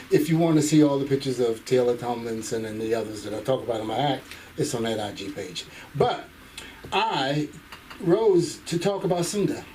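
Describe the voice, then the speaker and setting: A man, a comedian, rambling through a thank-you speech in an animated way. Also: medium pitch. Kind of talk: casual speech to a comedy class. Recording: distant mic with faint room noise.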